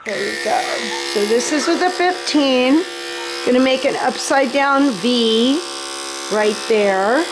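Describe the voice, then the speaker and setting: A woman dog groomer explaining a puppy's grooming step by step, calmly soothing the puppy as she works. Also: takes it slowly, heavy background noise. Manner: calm explaining, soothing a squirming puppy with high coos. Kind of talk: instructional grooming demo. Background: electric clippers and a puppy.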